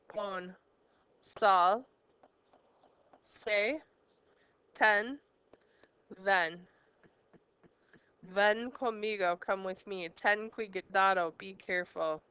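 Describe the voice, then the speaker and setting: A Spanish teacher records a grammar lesson, explaining things step by step and quizzing the listener with questions. Her voice is medium-pitched, sharp, clear, and resonant, though the recording is muffled.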